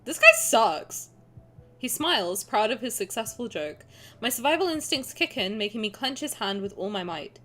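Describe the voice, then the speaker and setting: A woman's voice: a little high, brisk. Chatty young woman streamer reading aloud. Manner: animated, chatty, laughs often, reads aloud then riffs. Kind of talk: game playthrough, reading narration and reacting.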